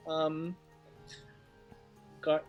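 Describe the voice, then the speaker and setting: A woman player speaking in character in a tabletop game, chatty and warm with many hesitations. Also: deep voice, completely flat delivery, extremely slow, lo-fi sound, faint music behind. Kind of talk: in-character roleplay.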